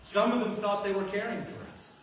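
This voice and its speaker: A pastor with a Midwestern American accent preaching a sermon, telling a family story with quoted lines and dropping to a hush at tense moments. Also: male voice, high-pitched, fairly even intonation, fairly quick, slight background noise. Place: church sanctuary. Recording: echoey church from a distance.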